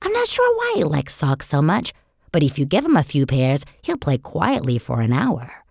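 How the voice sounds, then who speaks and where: A woman narrating a children's story in the first person as a young boy, with expressive storytelling. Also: sits low, normal speed, vocal fry, slightly rough, no echo, clean studio sound. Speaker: audiobook narrator.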